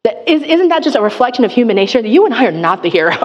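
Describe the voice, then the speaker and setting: A woman's voice: a little high, sing-song, fast talker, a little mellow, lo-fi sound. A woman giving a conversational sermon, candid and chatty with frequent filler words and self-deprecating asides. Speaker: preacher teaching a Psalm. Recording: long reverb of a large hall.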